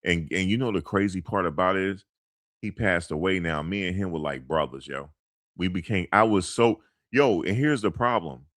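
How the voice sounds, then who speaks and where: A man's voice: sits low, moderate pace, fairly bright tone, no room sound. A middle-aged man talking casually into a close mic, rambling through a personal story in loose street slang with lots of fillers and restarts. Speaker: commentator.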